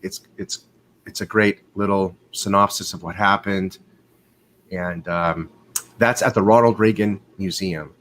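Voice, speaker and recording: A man with a lowish voice hosts a loose, unscripted live stream. He rambles through anecdotes with cursing and bursts of animation. He is heard through a desktop mic on a video call. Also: unhurried, slight background noise. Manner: rambling, profane, animated storytelling. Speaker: host of a live watch show. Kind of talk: casual live-stream chat. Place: home in California.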